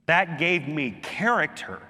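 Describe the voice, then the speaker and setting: A man preaching a sermon as a pastor, earnest, climbing higher and louder when he drives a point home. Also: animated, takes it slowly, big-room sound. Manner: earnest preaching, rising emphatically on key points.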